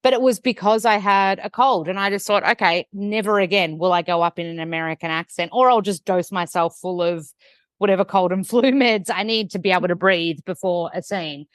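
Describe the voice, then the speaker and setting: A woman's voice: lowish voice, a little fast, no echo, clean studio sound. A woman with an Australian accent, a podcast guest talking in a chatty, casual way, full of "like". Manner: chatty, peppered with "like".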